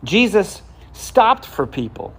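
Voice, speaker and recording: A man's voice: high-pitched, sing-song, slow, fairly bright tone. A man preaching a sermon in a conversational way, with asides, restarts and questions to the congregation. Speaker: pastor.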